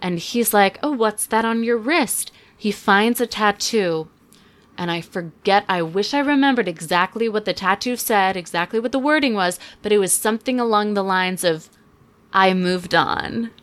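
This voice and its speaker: Chatty, sarcastic young woman host. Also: medium pitch. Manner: chatty, sarcastic, fast asides. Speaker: podcast host. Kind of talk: casual chat, movie review.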